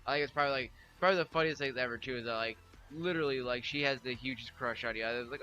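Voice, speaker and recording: Rambling, bright-voiced young male streamer. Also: medium pitch, steady tone, racing, few pauses, soft background music. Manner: rambling, heavy filler words, laughs often. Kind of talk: casual chat with viewers. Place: home room.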